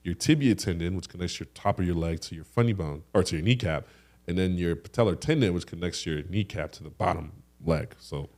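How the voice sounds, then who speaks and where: A young man with a fairly low voice co-hosts a casual podcast. He tells stories with lots of energy and throws in sound effects to act out what happened. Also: fast talker. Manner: animated storyteller with sound effects. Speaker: podcast co-host.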